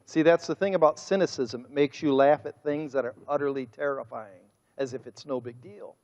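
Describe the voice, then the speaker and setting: A man preaching a sermon as pastor, speaking with drawn-out emphasis and a mocking, sarcastic edge. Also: on the high side, darkish tone. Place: church sanctuary. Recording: muffled sermon audio with long church reverb.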